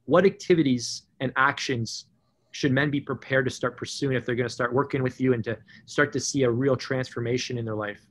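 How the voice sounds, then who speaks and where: A man's voice: mid-range voice, fairly quick. A man hosting a podcast, asking long, hesitant questions that are full of fillers. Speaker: podcast host.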